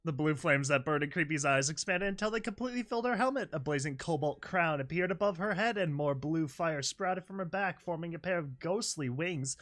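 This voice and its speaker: A man with a fairly high voice narrates a fan story, reading steadily. He often stops to laugh and make reactive commentary. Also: normal speed, few pauses, a bit bright.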